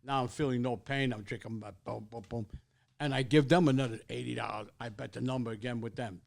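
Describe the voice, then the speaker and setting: A man's voice: medium pitch, fairly even intonation, a little fast, gravelly. An older man, telling a rambling, profane story as a guest in casual chat, repeating words as he goes.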